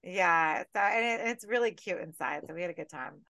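A woman co-hosting a horror film podcast, talking casually with lively, profane rants. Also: fairly low pitch, a little fast, dry recording. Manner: animated, profane, ranting. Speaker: podcast co-host.

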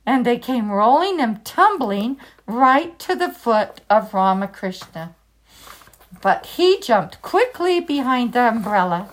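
A woman telling a children's story aloud in a fairly high, very lively voice. She reads expressively and draws the listener in with questions.

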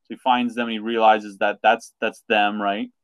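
A man's voice: on the low side, moderate pace, no echo, muffled recording. Filler-heavy man retelling a story. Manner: animated retelling with many fillers, acting out quotes. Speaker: podcast co-host. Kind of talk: casual chat.

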